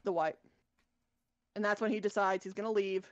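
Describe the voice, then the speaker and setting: A woman's voice: medium pitch, steady tone, moderate pace, no room sound, dull audio. Woman retelling a fantasy plot, rambling. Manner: rambling, many fillers and self-corrections. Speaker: podcast co-host. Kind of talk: casual chat, retelling a book plot.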